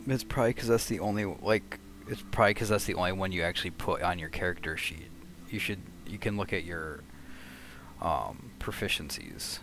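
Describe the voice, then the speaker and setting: A man's voice: low-pitched, animated, moderate pace, a bit bright, slight background noise. A man in a tabletop game group, chatting casually out of character and offering plain, laid-back help.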